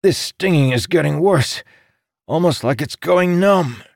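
A man's voice: fairly high pitch, animated, a little slow, gravelly, dry recording, studio quality, pitched above the performer's own voice. A man voicing a wounded young man who speaks through clenched teeth in an audiobook. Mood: pained.

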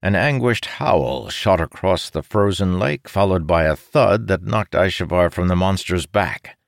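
A man reading a fantasy story aloud in scripted, measured narration. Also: low voice, animated, gravelly, dry recording, clean studio sound. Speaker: audiobook narrator.

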